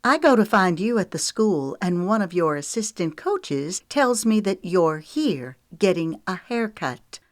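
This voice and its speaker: A woman's voice: lowish voice, big pitch swings, measured pace, hardly any pauses, pitched above the performer's own voice. A woman voicing a haughty, jealous young woman who scolds sharply and turns petulant. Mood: indignant.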